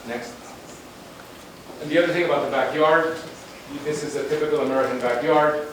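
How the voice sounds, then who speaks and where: A man's voice: on the high side, steady tone, brisk. Man lecturing in a very echoey hall. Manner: emphatic and conversational, with blunt asides. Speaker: guest lecturer on urban planning. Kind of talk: conference presentation with slides. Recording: very echoey room, distant mic, faint noise.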